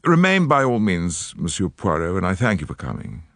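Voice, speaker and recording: Fatalistic aging gentleman in a mystery audiobook, read by a man, deep and slow, dry close sound. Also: huge pitch swings, creaky, dry recording, heavily acted. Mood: doom-laden. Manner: slow, heavy and resigned.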